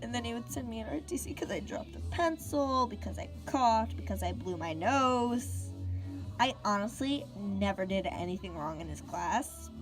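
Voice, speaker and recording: A woman's voice: fairly high pitch, animated, moderate pace, over music. A teenage girl telling a storytime vlog in a casual, giggly way, full of fillers and asides. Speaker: storyteller, vlogger.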